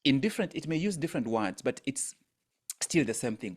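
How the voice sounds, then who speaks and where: A man's voice: mid-range voice, animated, brisk. Male workshop coach, emphatic and repetitive, mid-range voice, on a video call. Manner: emphatic, repeats phrases for effect, rises sharply on quoted lines. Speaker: mindset coach leading an online workshop. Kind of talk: teaching talk.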